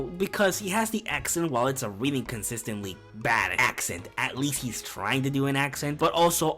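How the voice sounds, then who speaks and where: Animated, swearing young film reviewer. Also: male voice, medium pitch. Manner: animated, profane, laughs often. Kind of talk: casual opinionated film review.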